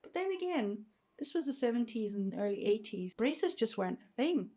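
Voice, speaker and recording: A woman's voice: fairly high pitch, big pitch swings, normal speed, warm tone. A woman in her fifties speaking candidly and from the heart in a personal video diary. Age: 50s. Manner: candid and heartfelt, openly emotional. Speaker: vlogger.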